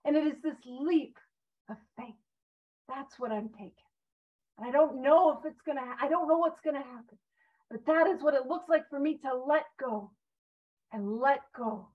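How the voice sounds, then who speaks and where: Woman leading a recovery group chat, high voice, casual and earnest, sounds muffled. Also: normal speed, far from the mic. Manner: earnest, conversational, self-deprecating with asides. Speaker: recovery speaker leading a big book study. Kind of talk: informal talk to a recovery group.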